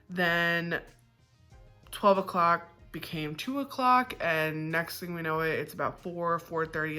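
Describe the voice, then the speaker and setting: A woman's voice: sits low, bright, forceful tone. A woman vlogger telling a personal story in a casual, candid, chatty way, with the odd swear word.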